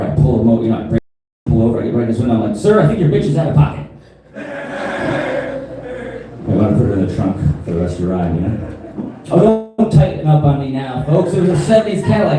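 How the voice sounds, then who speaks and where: A man in his thirties doing a crude stand-up comedy set in a club, with a deadpan delivery and asides to the crowd. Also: medium pitch, background noise. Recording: roomy live club sound, from a distance.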